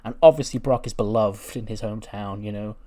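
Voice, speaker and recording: A man's voice: lowish voice, steady tone, brisk, mellow. A man hosting a game channel, narrating a simulated wrestling show in a loose, chatty, mildly profane way. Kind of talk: casual let's-play narration.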